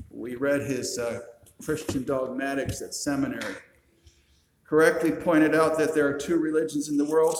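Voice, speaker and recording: A pastor preaching a sermon, retelling a story with dry asides to the congregation. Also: male voice, on the high side, roomy sound, slight background noise, poor audio.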